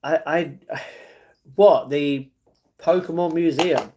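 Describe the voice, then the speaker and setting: A man's voice: a little high, normal speed, a little hiss or hum. A man live streaming, chatting casually and reading viewer comments aloud, often laughing.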